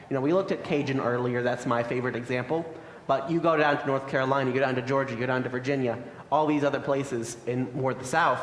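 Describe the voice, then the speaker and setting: A young man teaching a Sunday school class in a relaxed way, with many ums and uhs. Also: mid-range voice. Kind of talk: classroom lesson, answering questions. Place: church classroom. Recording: echoey room, faint noise.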